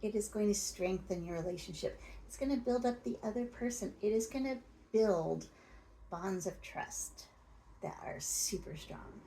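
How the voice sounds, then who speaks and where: A woman's voice: mid-range voice, a little slow, warm tone, slight background noise, rough recording. A woman talking straight to her audience in a coaching, plain-spoken advice monologue. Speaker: self-help video host.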